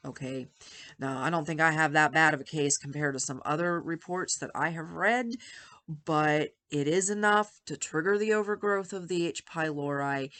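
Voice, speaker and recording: A woman's voice: low voice, fairly bright tone. A woman in her fifties talking candidly and with feeling in a personal health vlog, rambling at times. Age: 50s. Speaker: vlogger.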